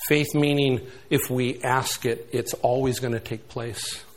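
A man in his sixties preaching a sermon, swinging between loud emphatic bursts and hushed asides. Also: mid-range voice, fairly even intonation, a little slow, a little hiss or hum.

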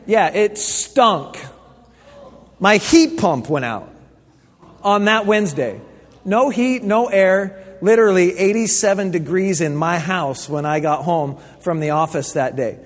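This pastor's sermon unfolds at a measured pace, his high voice relaxed and conversational as he tells stories and frequently starts over mid-thought. The sound echoes with long hall reverb.

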